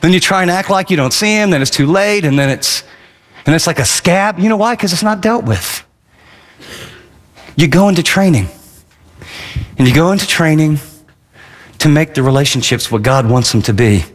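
A man's voice: fairly high pitch, lively intonation, fairly quick, in a large hall. A man preaching a radio sermon in an emphatic, conversational way, acting out little asides. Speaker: pastor.

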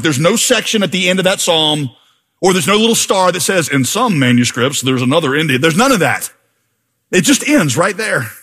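A middle-aged man preaching a sermon as pastor, animated and rising to near-shouts when reading scripture. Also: on the high side, breathy edge.

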